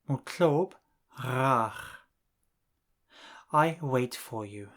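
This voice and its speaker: A man teaching a scripted language lesson, saying phrases slowly and deliberately and pausing so the listener can repeat them. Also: medium pitch, expressive. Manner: slow, deliberate drilling with pauses for repetition.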